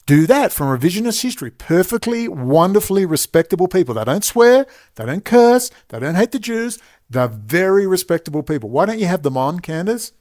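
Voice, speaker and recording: A combative Australian man rants to camera in a loud, sarcastic monologue. His voice sits a touch higher than most men's. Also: sing-song, brisk, hardly any pauses. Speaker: online commentator.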